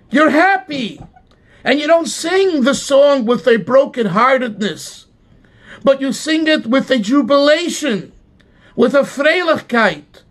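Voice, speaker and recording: A man preaching a sermon with rising passion and emphatic cries, phrasing his words slowly and deliberately. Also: very high-pitched. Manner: impassioned, swelling to emphatic cries. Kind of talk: sermon with sung melody.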